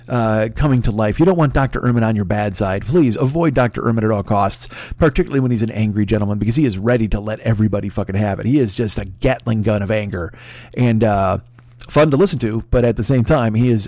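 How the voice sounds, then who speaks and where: A man's voice: medium pitch, no echo. Rambling, profane comedy podcast man. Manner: rambling, profane and excitable, with sudden loud outbursts. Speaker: podcast host.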